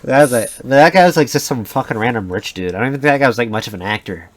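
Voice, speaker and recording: A man's voice: medium pitch, expressive, rapid-fire. Young guy co-hosting a chill podcast, rambly and sweary, voice bouncing up and down a lot. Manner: rambling, sidetracked storytelling with frequent restarts and swearing. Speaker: podcast co-host. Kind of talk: casual chat.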